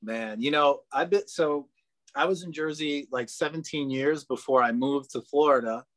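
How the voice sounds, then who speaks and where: A man's voice: fairly high pitch, normal speed, a bit bright, no room sound. Chatty laughing man, plain voice. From Boston area. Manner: chatty, laughs easily, trails off with fillers. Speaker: guest actor. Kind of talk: casual podcast interview.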